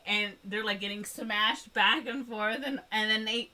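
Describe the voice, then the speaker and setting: A woman's voice: fairly high pitch, steady tone, measured pace, few pauses, sharp tone. A woman co-hosting a podcast, casually retelling a movie plot in a rambling way full of "like" and "um". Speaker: podcast co-host. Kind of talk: casual movie recap chat.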